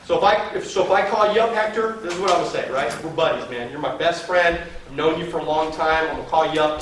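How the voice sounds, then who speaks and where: A man leads a motivational sales training, slangy and energetic, calling out chants for the audience to shout back. His voice sits a little high. The mic is set back from him, and the meeting room gives off heavy echo under a faint hiss. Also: fast talker, hardly any pauses. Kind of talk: live motivational training seminar. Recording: very echoey room from a distance, faint noise.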